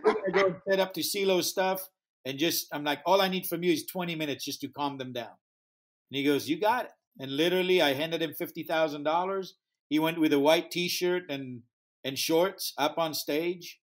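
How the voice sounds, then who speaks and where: A man who founded a music festival tells a story from an interview with lots of animation, acting out the quoted dialogue in slightly non-native English. His voice sits on the high side.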